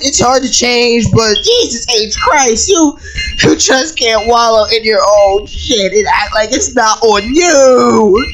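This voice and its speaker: A video commentator ranting through a show review, breaking into yelled outbursts, stammering repeats and frequent swearing. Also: medium pitch, lively intonation, a little slow, faint music behind. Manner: profane and exasperated.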